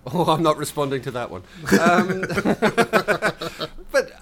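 A man with a Scottish accent chatting casually on a podcast, self-deprecating and quick to laugh, with lots of restarts. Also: on the high side, sing-song, a crowd in the background. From Scotland. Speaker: podcast co-host.

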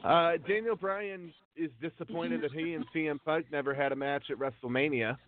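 Over a tinny phone line, a man with a slightly high voice, fairly even intonation, and normal speed hosts a casual wrestling news podcast. He reads through long lists of names unhurriedly, peppered with ums.

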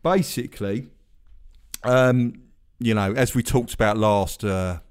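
A man's voice: medium pitch, slow pace, clean tone. A man hosting a podcast, chatting casually in a rambling way with self-deprecating asides. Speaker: podcast host. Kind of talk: casual chat.

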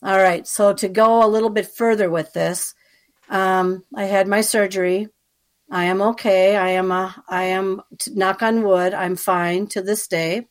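A woman guest recounts her own experiences in a chatty, conversational way, full of fillers and asides. She keeps turning to the listener to check they are following. Her voice sits at an ordinary middle pitch. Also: fairly even intonation, a little slow. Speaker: interview guest. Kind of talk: personal storytelling.

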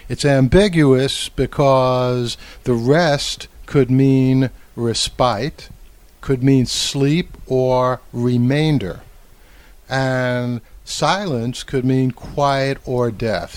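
Slow, measured male podcast commentator. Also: medium pitch, no echo. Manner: measured, reflective, slows to stress words. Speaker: podcast host and media commentator.

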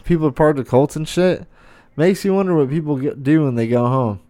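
A man's voice: on the high side, fairly quick, warm tone, dry recording, studio quality. A man hosting a podcast, ranting in a casual monologue, swearing a lot and sounding incredulous. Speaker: podcast host.

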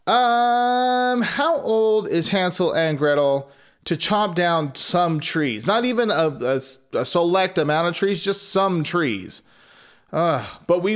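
A man's voice: high voice, expressive, unhurried, a bit bright. A man reading a fairy tale aloud, breaking off into rambling, profane comic asides. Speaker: storyteller.

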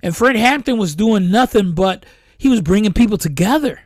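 A man co-hosting a podcast, talking in an animated, incredulous way in casual group chat. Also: high voice, normal speed, no echo, clean studio sound. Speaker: podcast co-host.

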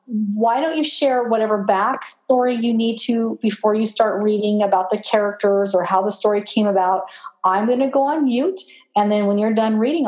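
A woman's voice: on the high side, darkish tone. A woman podcast host, upbeat and encouraging, setting up a guest's reading. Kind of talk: casual chat. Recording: echoey room.

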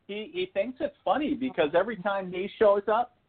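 A man calls in over a thin, phone-like line, his voice sitting a bit high. He tells his spirit encounters as animated anecdotes, acting out the lines he said. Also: a little fast. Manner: animated, laughing anecdotes with acted-out quotes. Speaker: spiritual medium guest. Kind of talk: casual storytelling on a call-in show.

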